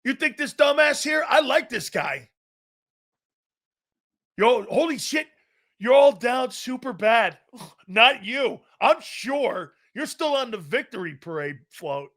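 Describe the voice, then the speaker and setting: A man's voice: very high-pitched, big pitch swings, takes it slowly, fairly bright tone. A man hosting a sports talk stream, ranting casually in a brash, profane, teasing way.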